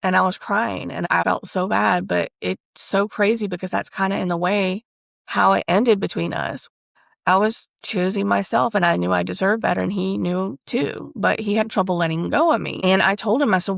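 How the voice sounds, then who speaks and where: A woman with a very gravelly, fry-heavy voice gives a casual spiritual reading, rambling and confiding as she tells a personal story. She pauses to speak aloud to spirit as she channels messages. The sound is dry and close, with no room echo. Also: mid-range voice. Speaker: spiritual reader and channel host.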